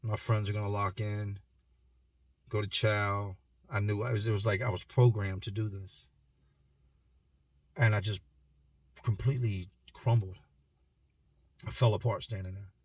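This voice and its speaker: A man's voice: lowish voice, level tone, unhurried, pauses often, dry recording. A man telling his own life story in a candid, emotional way, with casual slang and repeated words. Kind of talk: personal storytelling to camera.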